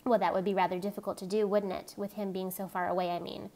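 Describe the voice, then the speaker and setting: A woman reading aloud voices a stern, coldly menacing middle-aged male commandant with a deep, measured, cutting manner. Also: level tone, warm tone, natural voice.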